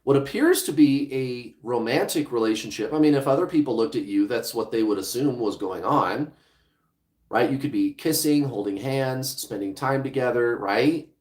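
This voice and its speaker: A man's voice: medium pitch, moderate pace, a little mellow. Blunt man coaching viewers in an echoey room. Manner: blunt, profane, talks straight to viewers. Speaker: twin flame coach hosting a livestream. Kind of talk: casual livestream talk.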